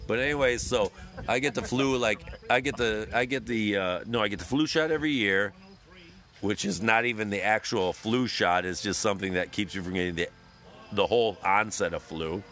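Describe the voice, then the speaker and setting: A man's voice: fairly low pitch, moderate pace, fairly bright tone. A man co-hosting a home podcast, in loose casual chat full of swearing and jokes, recorded on a phone. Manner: swearing, joking, loose banter. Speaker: podcast co-host. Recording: phone on the table.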